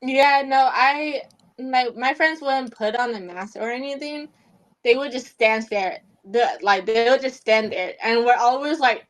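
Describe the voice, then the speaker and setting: A woman's voice: high voice, expressive, normal speed, a bit bright, low-quality recording. A woman chatting casually on a gaming podcast, telling stories in a rambling, giggly way. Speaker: podcast guest. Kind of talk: casual chat.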